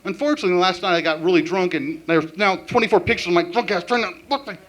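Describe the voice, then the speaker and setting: A man performing a stand-up comedy set with an animated, punchline-driven delivery. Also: high voice, fast.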